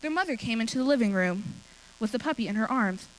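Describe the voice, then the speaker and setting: A woman reads a short story aloud for a talent show. Her telling is expressive and her pitch bounces around a lot. The voice sits a bit higher than most, with a faint hum behind it. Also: fast talker, rough recording.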